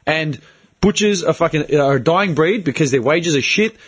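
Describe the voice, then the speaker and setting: A man's voice: fairly high pitch, animated, moderate pace, breathy edge. A man, ranting bluntly and swearing in a casual chat as host.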